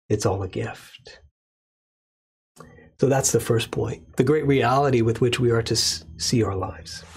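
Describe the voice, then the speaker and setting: A man preaching a sermon with a husky, slightly breathy voice. He speaks at a measured pace and slows down to lean on key words. His pitch sits in the middle range for a man. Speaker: pastor.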